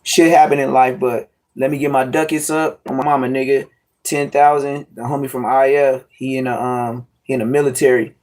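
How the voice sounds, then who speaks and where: A man's voice: medium pitch, flat delivery, fairly quick, darkish tone. A man talking loosely into his phone on a live stream from home. He wanders from point to point in slang-heavy, profane everyday speech. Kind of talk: casual live-stream chat.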